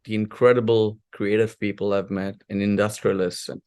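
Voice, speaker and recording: Guest voice: man in his forties from India, low and gravelly, chatty storyteller with plenty of fillers. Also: moderate pace. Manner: animated storyteller, many fillers and restarts. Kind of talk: casual interview storytelling.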